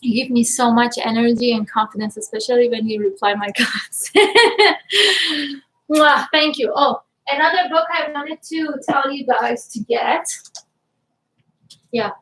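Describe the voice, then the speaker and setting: Upbeat, energetic woman coach going live. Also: on the high side, moderate pace, rough recording. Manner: energetic and upbeat, effusively thankful; emotional, near tears at times. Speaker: life and money mindset coach. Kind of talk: casual live-stream talk to viewers.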